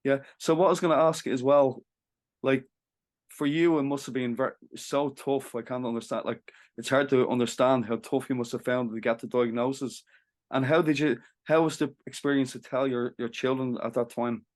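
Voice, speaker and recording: A man hosting a podcast interview, encouraging and quick with mm-hmms. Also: mid-range voice, steady tone. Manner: encouraging, frequent backchannel mm-hmms. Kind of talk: casual interview conversation.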